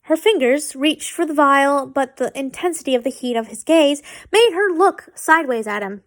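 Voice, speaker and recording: Woman reading fanfic out loud, high voice, keeps stumbling and correcting herself. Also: animated, normal speed. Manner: stumbling, self-correcting, chatty asides. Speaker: fan fiction reader. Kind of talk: reading fan fiction aloud with asides.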